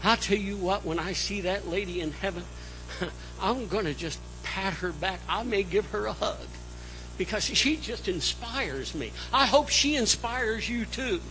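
A man preaching a sermon in a church, slow and emphatic, with dramatic swings in loudness. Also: sits high, faint music behind, poor audio. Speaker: pastor.

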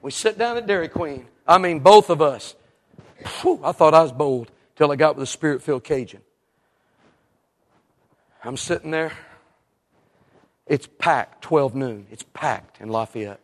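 A male evangelist, telling an animated story in a sermon and acting out the people in it. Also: fairly high pitch, unhurried, long pauses. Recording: long reverb in a large hall.

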